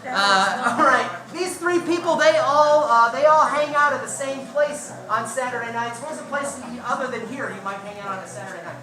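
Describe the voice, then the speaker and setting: A woman hosting a live improv comedy show, briskly and playfully explaining the games to the audience. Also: a little high, a crowd in the background. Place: comedy club stage. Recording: echoey club room with audience.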